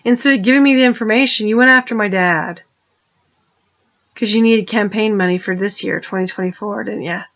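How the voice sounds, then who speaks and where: A woman's voice: medium pitch, fairly quick, a bit bright, muffled recording. Rambling, accusing woman vlogger. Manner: rambling, restarts, pointed and accusing. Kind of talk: personal monologue to camera.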